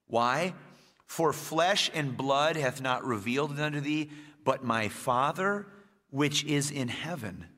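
A man of ordinary pitch preaches a sermon to his congregation. He leans on key phrases, slowing them for weight, then builds into louder, climbing passages. His voice rings with the long reverb of a church hall. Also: animated. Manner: emphatic preaching with slow, stressed phrases and rising bursts.

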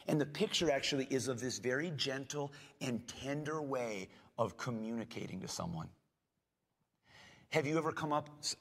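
Pastor guy preaching, mid-pitched voice, earnest w lots of questions, long hall echo. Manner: earnest preaching, rhetorical questions, shifts to soft gentle tones. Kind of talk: sermon. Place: church sanctuary.

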